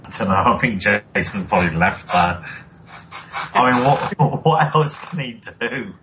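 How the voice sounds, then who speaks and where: A man's voice: on the low side, lively intonation, measured pace, background noise. A man co-hosting a casual chat show, arguing his points in a dry, matter-of-fact way. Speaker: podcast co-host.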